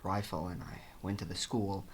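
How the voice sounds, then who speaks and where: A man's voice: medium pitch, moderate pace, a bit bright, a little hiss or hum, close to an everyday voice. A man playing a bitter young male shop worker who hates his life, confessing to a mock therapist in a mumbling, darkly joking way. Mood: gloomy.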